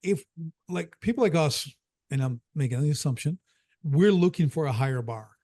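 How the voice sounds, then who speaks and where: A middle-aged man from the Chicago area talks as a business coach in a loose podcast chat, driving his points home by repeating them. His voice sits a little high for a man and comes across close and dry, with no room sound. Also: animated, normal speed, mellow, no echo. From Chicago area, USA. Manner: emphatic storyteller, repeats key phrases, says "right?" often. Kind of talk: casual podcast conversation.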